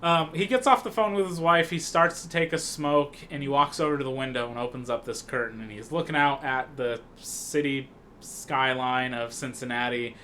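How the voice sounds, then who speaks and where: Going through a film scene by scene, a male podcast co-host talks at a moderate pace in a medium-pitched voice. His manner is relaxed and rambling, packed with fillers and restarts, with slight hiss or hum on the audio.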